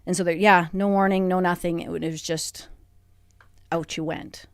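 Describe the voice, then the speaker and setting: A middle-aged woman, a podcast guest recounting a hard time in a halting, emotional way with many restarts. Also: lowish voice, fairly even intonation, gravelly, no echo, clean studio sound. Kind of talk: personal interview. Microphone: studio microphone.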